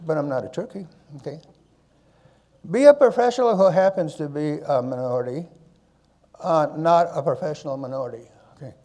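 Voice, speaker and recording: An older man giving a conference keynote, telling stories and handing out advice, with a habit of tagging his points with "okay?". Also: a little high. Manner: animated, tag question "okay?" after points. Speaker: conference speaker. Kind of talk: storytelling keynote talk.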